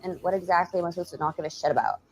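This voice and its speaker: An actress playing a young barista who speaks in an affected vocal fry, drawling and defensive, in a noisy played-back sketch clip. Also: female voice, lowish voice, rapid-fire, lightly acted.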